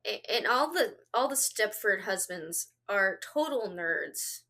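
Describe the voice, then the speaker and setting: A woman's voice: medium pitch, big pitch swings, a little slow, bright, forceful tone. A woman co-hosting a podcast in casual chat, laughing often between her remarks. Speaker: podcast co-host. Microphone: home podcast microphone.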